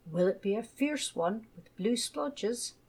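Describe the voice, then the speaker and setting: A woman voicing a cheerful, friendly nursery teacher in a children's storybook, beaming and bright. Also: fairly high pitch, expressive, slow pace, slightly rough, heavily acted.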